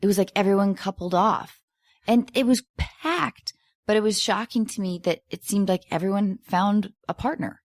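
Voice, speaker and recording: A woman with a low, gravelly voice hosts a casual podcast chat. She rambles, restarts her sentences and swears freely. The sound is dry and close, with no room around it. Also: normal speed, dry recording. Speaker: podcast host.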